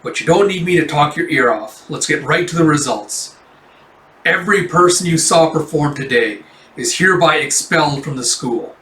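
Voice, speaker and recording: A man's voice: fairly high pitch, moderate pace, fairly bright tone, a little hiss or hum, close to an everyday voice. A man reading the lines of a grumpy old storytelling master who speaks in curt, dismissive, formal sentences. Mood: cold. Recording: roomy, distant mic.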